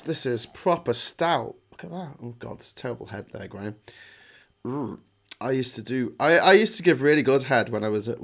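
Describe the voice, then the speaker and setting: A man's voice: medium pitch, fairly bright tone. A middle-aged man hosting a live stream, chatting casually, joking and reading out viewer comments. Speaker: livestream host.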